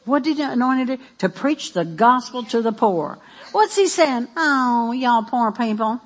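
High-voiced woman preaching with energy. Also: normal speed. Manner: animated, emphatic, playful preaching. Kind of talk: sermon.

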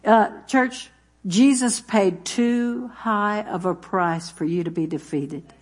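A woman's voice: mid-range voice, takes it slowly. A woman preaching in a church, chatty and folksy, telling homey stories and reading scripture between laughs. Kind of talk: sermon with jokes and scripture reading.

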